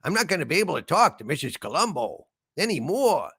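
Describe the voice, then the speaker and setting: A man voicing a male spaceship computer as a meandering, polite detective, gravelly and husky, tacking "sir" onto his lines. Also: a little high, big pitch swings, a little fast, fairly bright tone, dry recording, clean studio sound, exaggerated voice. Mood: pleading. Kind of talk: comedy impression sketch.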